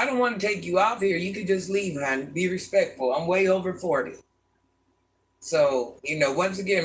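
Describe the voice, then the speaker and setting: An older woman with a deep, gravelly voice, chatting bluntly with her live-stream viewers from a room in her home and calling them baby and hon. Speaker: vlogger reading live chat. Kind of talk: casual live-stream chat.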